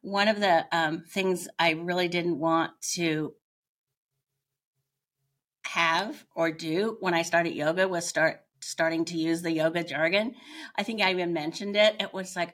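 A middle-aged woman, a podcast guest, telling her own story in a candid, reflective way and pausing often as she searches for words. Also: on the low side, a bit bright. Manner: candid, searching, with frequent pauses.

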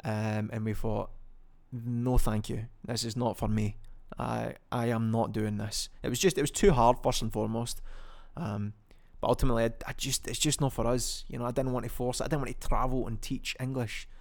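In a mid-range, gravelly, darkish voice with a flat delivery, a young Scottish man talks at normal speed with few pauses. He's hosting a casual solo podcast, chatty and rambling, full of ums and self-corrections.

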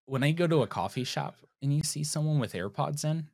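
A man co-hosting a podcast in casual chat, animated and joking. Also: a little high, a little fast, gravelly, no room sound, clean studio sound. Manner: animated and joking, swings up and down in delivery. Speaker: podcast co-host.

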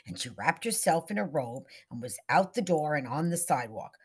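A woman reads a suspense story aloud in a hushed, dramatic way. Her voice is husky and sits fairly low, but the intonation rises and falls a lot. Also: sing-song, a little fast. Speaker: narrator.

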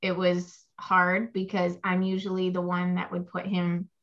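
A woman's voice: on the low side, monotone, unhurried, a bit bright. A young woman, a mother, talking casually about her babies, rambling with fillers. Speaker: guest mom. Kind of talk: casual chat. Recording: slightly dull lo-fi audio.

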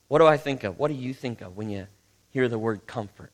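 Conversational Midwestern pastor preaching. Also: male voice, mid-range voice, lively intonation, a little fast. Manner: conversational, asks the congregation questions. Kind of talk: sermon teaching.

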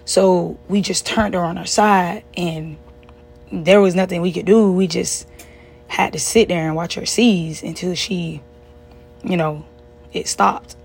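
A young woman with a husky, slightly low voice tells a personal story. She talks earnestly and conversationally, trailing off and restarting her sentences often. Her tone is plain and unpolished. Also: fairly even intonation, measured pace, darkish tone.

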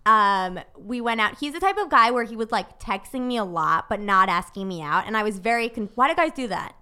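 A young woman chatting on a podcast as a guest, telling dating stories with quick laughter and acted-out quotes. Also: mid-range voice, animated, sharp tone, clean tone. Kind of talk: casual podcast chat.

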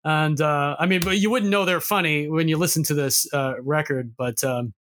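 Guy from boston, no accent, kinda high voice, rambly podcast host who swears. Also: moderate pace, fairly bright tone, slight background noise. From Boston, USA. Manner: rambling, profane, full of restarts. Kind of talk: casual chat.

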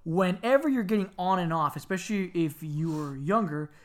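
At normal speed, a Miami man chats casually about his family, telling the story with animation and laughter. He acts people out by shifting into squeaky voices.

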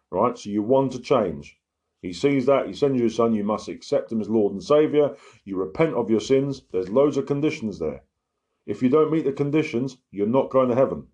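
A man's voice: medium pitch, dark tone. A man preaching informally, earnest and emphatic, often checking in with listeners. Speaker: lay preacher giving testimony.

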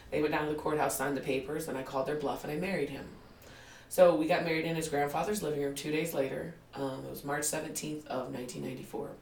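A woman's voice: low-pitched, fast talker, a little hiss or hum. A woman in her forties telling her life story in a candid interview, laughing often and acting out what people said. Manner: animated storyteller, laughs often, acts out quotes. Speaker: guest. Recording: roomy, distant mic with faint ambience.

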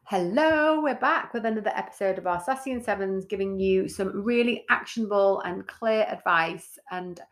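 Woman podcast co-host, mid-pitched, blunt and lively, drops the odd swear word. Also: normal speed, few pauses. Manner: blunt and animated, swears freely. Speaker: podcast co-host, brand builder. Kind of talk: casual podcast chat.

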